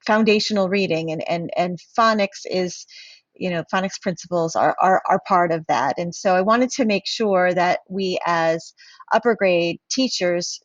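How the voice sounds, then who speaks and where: A woman's voice: lowish voice, normal speed, no echo, muffled recording. A woman instructional coach giving a casual professional development talk to teachers, full of fillers and restarts. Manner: hesitant, many fillers and restarts.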